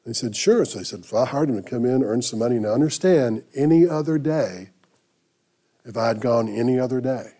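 A male pastor delivers a sermon through a personal story. His voice is mellow and warm, and he talks conversationally, often pausing and restarting his sentences. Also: mid-range voice.

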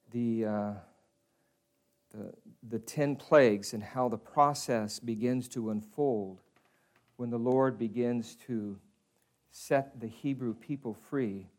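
Middle-aged male preacher, earnest sermon delivery, mid-pitched voice, softens for quoted lines.

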